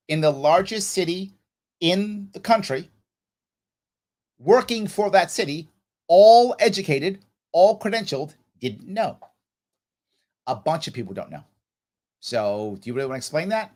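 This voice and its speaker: A man's voice: high-pitched, animated, a little slow, pauses often, darkish tone. A man hosting a casual livestream Q&A, telling stories animatedly and acting out other people's voices. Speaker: livestream host answering viewer questions.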